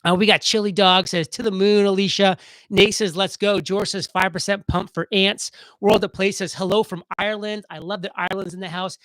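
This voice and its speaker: A man hosting a casual live stream, talking fast and excitedly as he reads viewer comments aloud. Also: high-pitched, no echo, poor audio.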